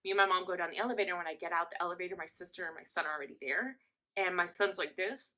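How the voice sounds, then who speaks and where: A woman's voice: on the low side, racing. Chatty young woman telling a story. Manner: chatty, animated storytelling that acts out quotes. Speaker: vlogger. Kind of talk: casual storytime.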